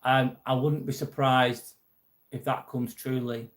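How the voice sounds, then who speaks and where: A man's voice: medium pitch, flat delivery, takes it slowly. A man hosting a live vlog, casually reading out viewer comments and answering them. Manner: chatty, reads comments aloud and answers viewers. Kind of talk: casual live-stream chat.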